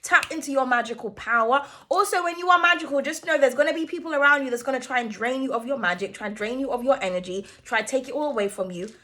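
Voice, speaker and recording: A woman's voice: sits high, quick pace, hardly any pauses, pushed and bright. A young woman giving a casual tarot reading to her viewers, playful and loose, swearing freely and calling them darling. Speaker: tarot reader.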